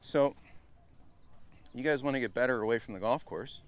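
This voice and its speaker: A middle-aged man runs a live golf clinic, speaking with a smooth, resonant voice at a mid pitch. He is chatty and energetic, often turning to the group as "guys". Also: normal speed. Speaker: golf instructor.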